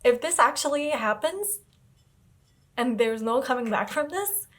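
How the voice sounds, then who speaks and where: A woman's voice: high voice, lively intonation, unhurried, a bit bright. A young woman vlogging about her reading, talking casually and emotionally, exclaiming and gushing, a bit teary. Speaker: book vlogger. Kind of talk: casual reading vlog chat.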